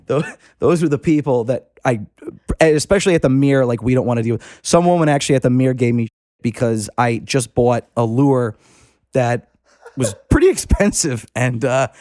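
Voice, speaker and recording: A man's voice: mid-range voice, a little mellow, dry recording, studio quality. A man who is a fishing club member, a podcast guest telling a rambling, profane anecdote with frequent restarts. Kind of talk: casual storytelling.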